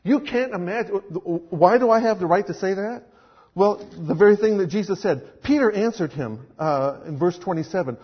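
A man's voice: sits high, moderate pace, slightly rough, dull audio. A male pastor preaching a sermon, dramatic in his storytelling. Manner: dramatic, acts out characters.

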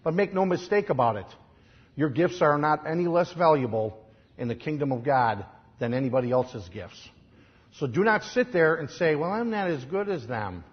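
A man with a Chicago accent preaching a sermon, telling stories in a conversational way and swinging from quiet asides to loud, emphatic lines. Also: fairly high pitch, big pitch swings, moderate pace, lo-fi sound. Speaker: pastor.

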